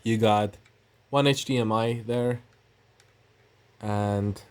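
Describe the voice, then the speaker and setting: Male vlogger, fairly low voice, loose chatty unboxing talk with fillers. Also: level tone, slow pace, long pauses. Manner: chatty, rambling, thinking aloud with fillers. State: coughing now and then. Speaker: tech channel host. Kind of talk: casual unboxing narration.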